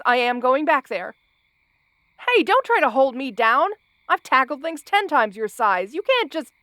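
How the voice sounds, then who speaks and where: A woman's voice: sits high, pushed and bright, no echo, clean studio sound, full character voice. A woman voicing a brash but anxious young orc woman in an audio role-play, stammering, laughing nervously and insisting she is fine. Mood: stubborn.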